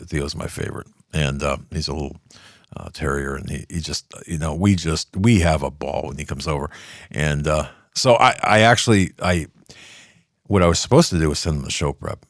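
A man's voice: a bass voice, no echo, studio quality. A man hosting a political talk show, riffing sarcastically in a rambling monologue full of restarts. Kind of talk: casual opinion monologue.

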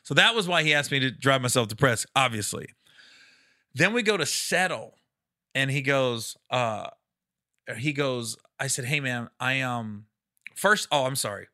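A man telling stories on a relaxed podcast, with a very bright, cutting tone. He acts out other people's lines by jumping into high, squeaky voices and laughs between them. The sound is dry and close to the mic. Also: measured pace, dry recording. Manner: animated storyteller who acts out quotes with high squeals and laughs. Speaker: comedian guest. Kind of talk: casual podcast storytelling.

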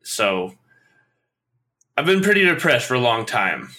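A young man telling a listener a personal story in a halting way, with many restarts and fillers. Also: mid-range voice, sing-song, sharp tone. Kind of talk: personal account in a conversation.

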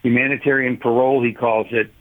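A man calling in to a talk radio show, arguing forcefully and sardonically about policy. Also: mid-range voice, little pitch movement, fast talker. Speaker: caller, policy advocate. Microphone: telephone. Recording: tinny phone line.

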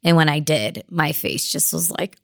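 A young woman with a low, gravelly voice tells her story in an interview, close and dry to the mic. She is near tears, talks in a rush of "like" fillers and laughs through the emotion. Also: moderate pace, dry recording. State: crying. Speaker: weightlifter guest.

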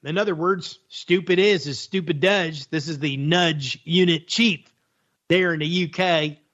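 Over dull, lo-fi radio sound, a man hosts a talk show, mocking the news sarcastically and chuckling at his own wisecracks. His voice is a little high and a bit bright, and he takes his time.

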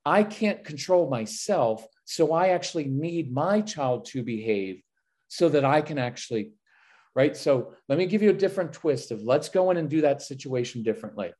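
A man's voice: a little high, moderate pace. A man guesting on a podcast, giving parenting advice and acting out what he says to his kids. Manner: energetic, acts out parent and child lines. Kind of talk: casual podcast conversation.

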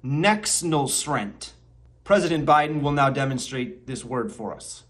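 A man's voice: mid-range voice, normal speed, a bit bright. A man presenting a comedy sketch as a mock lesson, over-enunciating each word in a mock-instructional tone.

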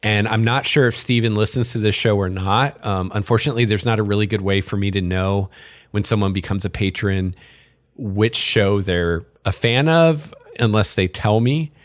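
A male podcast host with a lowish voice talks in a relaxed, chatty way, dropping casual fillers and a bit of dry sarcasm. His voice is recorded close and dry. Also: normal speed, dry recording. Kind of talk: casual chat.

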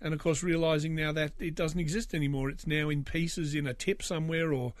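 Speaking briskly and flatly in a voice on the high side, a fortysomething Australian man recounts something that happened to him. His telling wanders, full of fillers, restarts and dry remarks, and there's no echo.

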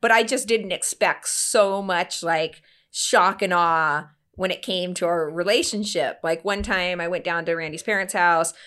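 Animated woman telling a story. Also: on the low side, a little slow, hardly any pauses. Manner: animated, acts out quoted voices, laughs often. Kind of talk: casual storytelling chat.

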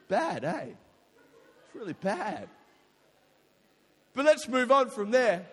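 A young man casually telling a story to an audience, animated and slangy, with sudden loud outbursts. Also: sits high. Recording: long hall reverb.

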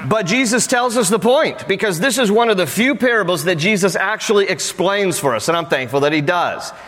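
A man's voice: sits high, animated, a little fast, a bit bright, a little hiss or hum. A male pastor delivering a sermon in a conversational, joking way, with playful asides. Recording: long reverb of a large hall.

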